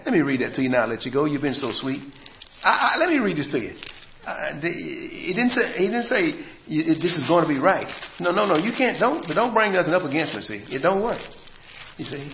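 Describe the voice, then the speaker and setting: A man preaching a sermon in a folksy way, dropping to a hush and then rising to shouts. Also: fairly high pitch, echoey room, highs cut off, slight background noise. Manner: swings from hushed to shouting, folksy grammar.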